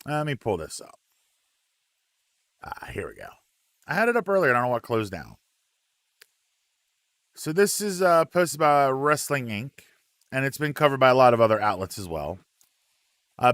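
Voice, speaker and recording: A man's voice: mid-range voice, moderate pace, pauses often, no room sound. Casual man, dry close sound. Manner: relaxed, chatty, with frequent ums and uhs. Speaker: wrestling chat host. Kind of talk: casual live-stream chat, reading viewer comments.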